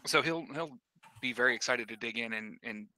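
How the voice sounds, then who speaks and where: Bright-voiced man playing a tabletop game. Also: mid-range voice, brisk, rough recording. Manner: explains his character's actions casually. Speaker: player.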